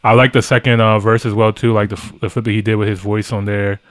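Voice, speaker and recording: A man hosting a casual music reaction, talking in an excited and profane way. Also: lowish voice, fast. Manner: excited, profane hype talk.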